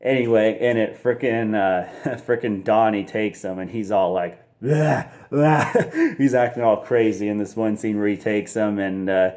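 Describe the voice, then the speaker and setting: Rambling man with a lowish voice. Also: steady tone, normal speed, darkish tone. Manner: rambling, lots of fillers, laughs often. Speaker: movie reviewer. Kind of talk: casual movie review vlog.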